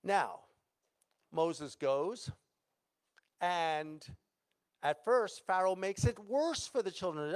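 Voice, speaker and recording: A male pastor with a high voice delivers a sermon. He tells the story dramatically and acts out each character's lines, sometimes loud and sometimes dropping almost to a hush. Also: expressive, extremely slow, pauses often.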